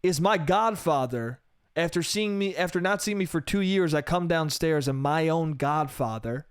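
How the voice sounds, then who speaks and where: A man's voice: on the high side, normal speed, clean tone, no echo, clean studio sound. A young man hosting a solo podcast, telling a story in a casual, profane style full of "bro" and "dude".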